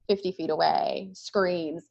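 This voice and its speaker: A woman's voice: on the low side, wildly swooping pitch, takes it slowly, vocal fry, darkish tone, dull audio. A woman in her thirties talking as a guest in a casual conversation, thoughtful and often ending points with a questioning "right?".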